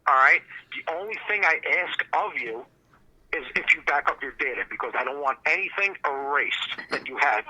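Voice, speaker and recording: A man rambles through earnest, long-winded tech advice on a live stream. His tone is very sharp and bright, with a husky edge and a slightly high pitch. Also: expressive, normal speed, poor audio.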